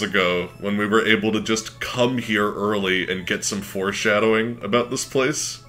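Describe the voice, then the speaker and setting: A man streaming a game live, chatting excitably and swearing when worked up. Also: lowish voice, moderate pace, hardly any pauses. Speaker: let's play streamer. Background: faint game music.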